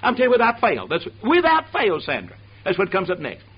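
A man's voice: high-pitched, wildly swooping pitch, fairly quick, husky. A man preaching a sermon who calls on the congregation to answer him aloud. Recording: dull lo-fi sermon tape.

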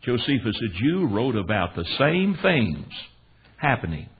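A man's voice: mid-range voice, unhurried, breathy edge. An American man teaching a Bible class for men, telling stories and asking his class questions. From United States. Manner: animated, storytelling, quizzes his class. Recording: tinny phone-like recording with faint hiss.

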